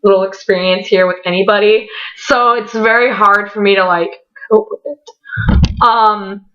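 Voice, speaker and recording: A woman vlogger telling a story casually, excitable and full of swearing as she acts out what people said. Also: medium pitch, moderate pace. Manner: excitable, profanity-laden, quoting voices. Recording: dull lo-fi recording.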